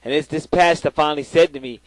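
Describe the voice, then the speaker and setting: A man with a somewhat high voice talks fast, offering blunt, profane, preachy spiritual advice straight to camera for his viewers, often repeating words as he gets going. The recording is dry and the audio quality is poor.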